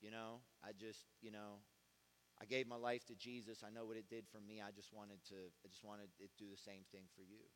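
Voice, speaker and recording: A man preaching a sermon in a casual, conversational way that swings from soft asides to loud, fervent passages. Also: lowish voice, flat delivery, brisk, big-room sound, a little hiss or hum. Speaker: pastor.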